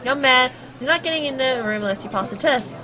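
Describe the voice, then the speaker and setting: A woman's voice: sits high, lively intonation, fast, bright, forceful tone, some chatter behind, poor audio. A woman reading the lines of a stern male doorman who haughtily guards a private gathering. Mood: haughty. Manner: haughty, clipped and dismissive. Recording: clearly audible background noise.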